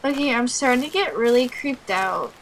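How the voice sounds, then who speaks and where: A woman's voice: a little high, expressive, moderate pace, very noisy. A young woman giving horror game commentary as a let's play gamer, nervous and jumpy, talking to herself and shrieking at scares. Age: young adult.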